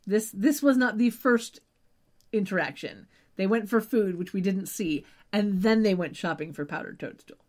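A woman's voice: medium pitch, moderate pace, a little mellow. A woman co-hosting a podcast, recapping a TV episode in casual chat with wry asides. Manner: chatty, wry asides, trails off with "just saying". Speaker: podcast co-host.

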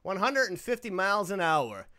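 A man hosting a podcast, ranting sarcastically and swearing as he reviews a low-budget film. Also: very animated, normal speed, pushed and bright. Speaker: podcast host. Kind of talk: casual movie-review banter.

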